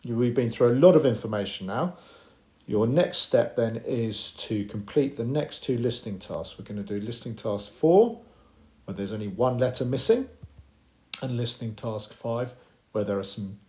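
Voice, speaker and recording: A man teaching a primary school Spanish lesson, encouraging the children and slowly modelling phrases for them to repeat. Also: mid-range voice, a little mellow. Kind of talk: recorded classroom lesson.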